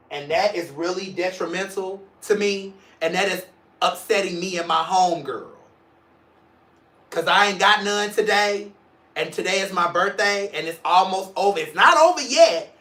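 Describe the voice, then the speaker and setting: A man's voice: high voice, a bit bright, echoey room. A man in his forties hosting a casual video podcast, talking in a sassy, playful and outspoken way. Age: 40s. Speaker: podcast host.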